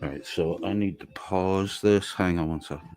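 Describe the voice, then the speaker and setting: A man's voice: sits low, moderate pace, a little mellow, soft background music. A man live-streaming, reading chat comments aloud and answering them in a rambling, profane, casual way. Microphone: laptop microphone.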